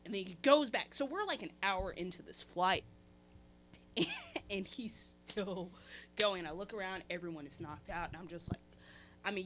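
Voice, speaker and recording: A woman's voice: lowish voice, background noise. A young woman guest on a podcast, telling a funny story in a casual, chatty way and acting out what people said. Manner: animated, acts out quotes with shifting voices; chatty, laughs through her story.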